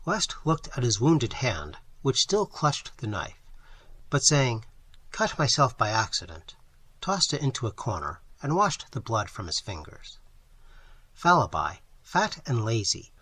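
Man, audiobook narrator, dramatic reading, bright tone, dry close sound. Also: medium pitch, very animated, unhurried, slightly rough, dry recording.

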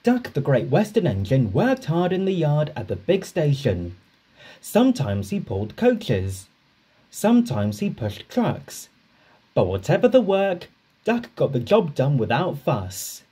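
Slow, expressive male storyteller. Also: fairly high pitch, husky. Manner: slow, expressive read-aloud. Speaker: narrator. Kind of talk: storybook narration.

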